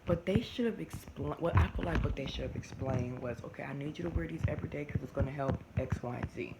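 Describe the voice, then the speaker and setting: A woman, chatting animatedly to camera and often restarting her sentences. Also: deep voice. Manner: animated, talks fast with many restarts. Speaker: vlogger. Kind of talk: casual chat to camera. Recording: noisy home recording.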